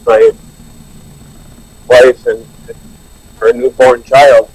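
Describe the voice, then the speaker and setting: A man's voice: medium pitch, huge pitch swings, extremely slow, a little mellow, husky, no echo, poor audio. A man earnestly sharing his recovery story at a support meeting, with many restarts. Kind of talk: personal recovery share. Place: online meeting.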